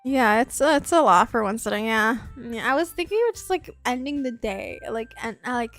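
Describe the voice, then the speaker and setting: A woman's voice: fairly high pitch, lively intonation, moderate pace, faint music behind. A woman game streamer chatting casually, out of breath after reading aloud, giggly and rambling. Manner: giggly, rambling, trails off and repeats herself.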